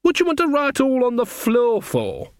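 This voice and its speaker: A man's voice: very high voice, wildly swooping pitch, moderate pace, no room sound, clean studio sound, pitched above the performer's own voice, heavily acted. A man doing a chatty folksy old witch woman. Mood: gossipy, flustered. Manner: folksy, rambling, coarse.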